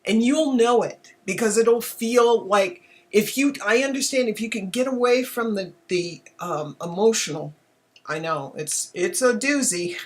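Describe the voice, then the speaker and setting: A woman's voice: a little high, measured pace. A woman hosting a live online talk show on animal communication, speaking casually and emotionally, often exclaiming and laughing.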